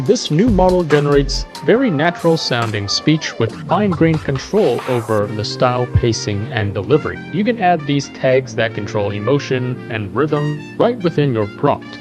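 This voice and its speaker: A man's voice: mid-range voice, poor audio. A man hosting a tech news show, explaining a web page in a conversational way as he scrolls. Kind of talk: casual screen-share news commentary.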